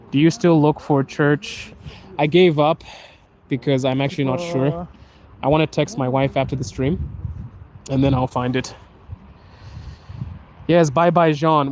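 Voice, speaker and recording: A man's voice: medium pitch, a little mellow, a little hiss or hum. A man hosting a casual outdoor livestream, chatting and joking as he answers viewer questions while walking through a snowy city. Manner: chatty and joking, reading comments aloud. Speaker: livestream host.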